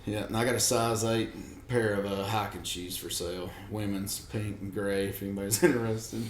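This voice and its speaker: A man's voice: lowish voice, steady tone, normal speed, a little hiss or hum. A man telling a rambling story in casual chat, full of fillers. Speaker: guest. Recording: echoey room with faint ambience.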